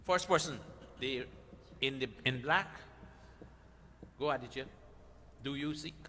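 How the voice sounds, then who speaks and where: Man preaching with a bright voice in a reverberant hall. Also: medium pitch, measured pace. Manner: earnest, explanatory, with emphatic rising questions. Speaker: spiritual teacher. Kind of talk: sermon explaining Sanskrit verses. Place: gathering hall at a weekly satsang. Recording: reverberant hall with faint background noise.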